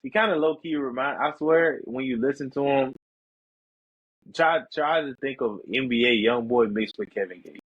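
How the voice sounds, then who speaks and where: A man co-hosting a podcast, chatting casually about music and now and then jumping into a high voice to imitate rappers. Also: moderate pace, slightly rough, no room sound, dull audio. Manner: animated, mimics rappers in a high voice. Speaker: podcast co-host. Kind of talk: casual chat.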